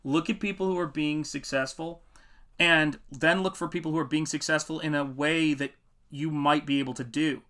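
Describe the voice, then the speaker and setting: Middle-aged male streamer, bright, slightly high voice, lively anecdote-teller, casual. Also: moderate pace. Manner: animated storytelling, acts out quotes. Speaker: comic artist streamer. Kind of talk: casual livestream chat.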